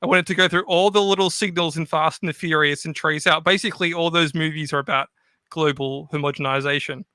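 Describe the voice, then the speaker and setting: A man's voice: on the high side, fairly even intonation, fairly quick, sharp tone, clean tone, dry recording. A man in a casual discussion, chuckling and thinking aloud with frequent restarts.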